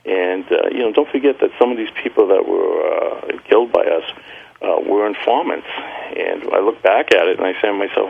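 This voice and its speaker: A man's voice: sits low, a little fast, gravelly, breathy edge. A man interviewed as a guest on a radio show, speaking bluntly and plainly, with frequent "uh"s. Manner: blunt, plain-spoken, with many "uh"s. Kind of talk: phone-in interview. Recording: narrow phone line.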